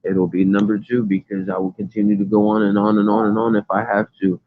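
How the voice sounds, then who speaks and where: A man's voice: fairly low pitch, flat delivery, quick pace. A man hosting a casual livestream from his phone, reading chat comments aloud and talking in a rambling, earnest, emphatic way. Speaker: livestream host. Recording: tinny phone audio.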